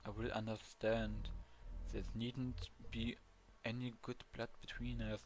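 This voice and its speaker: A man's voice: lowish voice, level tone, natural voice, poor audio. A man reading as a wistful vampire ghost woman. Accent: German. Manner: slow, formal, subdued reading. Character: melancholy female vampire ghost, formal and wistful.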